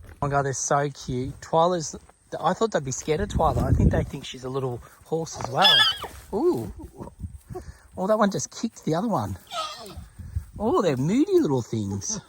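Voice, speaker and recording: An excitable Australian man vlogs outdoors on a handheld camera, his voice lifting and dropping as he chats. His pitch sits on the higher side for a man. Clear background noise runs under the whole recording. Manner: chatty and excitable, laughs often. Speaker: vlogger. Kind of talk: casual travel vlog narration. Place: outdoors in a country town and farmland.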